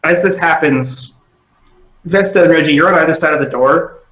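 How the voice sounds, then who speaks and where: Game master guy, voice sits a bit high, roomy echo around him. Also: moderate pace. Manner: animated, acting out side characters. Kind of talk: narrating a tabletop game.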